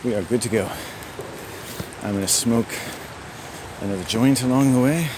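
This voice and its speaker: A man rambling to himself in a solo vlog while out hiking, musing and swinging between quiet and loud. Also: mid-range voice, moderate pace, background noise. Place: outdoors on a hiking trail.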